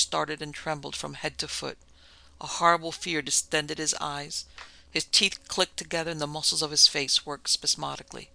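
A man narrating a story in a steady, even reading voice. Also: a little high, creaky, no echo.

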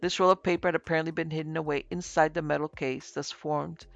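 A man narrating a classic supernatural tale in a measured, scripted reading. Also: a little high, level tone, creaky, fairly bright tone, dry recording, highs cut off. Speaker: narrator and producer.

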